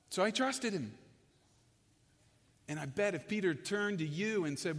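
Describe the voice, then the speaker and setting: High-voiced man preaching in an echoing hall. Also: animated, a little slow, long pauses. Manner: passionate, builds in loudness, then drops to a hush. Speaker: pastor. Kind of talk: sermon. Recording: long echo of a large hall.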